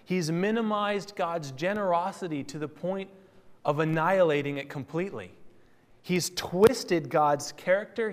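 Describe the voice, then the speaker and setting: A man teaches through scripture in a relaxed, teacherly way, stopping to correct himself as he goes. His voice sits a little high for a man. The sound rings with a long hall reverb. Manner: conversational, teacherly, with fillers and self-corrections. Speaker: Bible teacher. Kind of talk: sermon.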